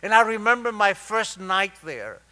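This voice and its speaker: An older man with an Argentine Spanish accent shares his life story at a recovery meeting. His voice sits high and bright. He confides with animated, wry humor. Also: normal speed. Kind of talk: personal storytelling talk.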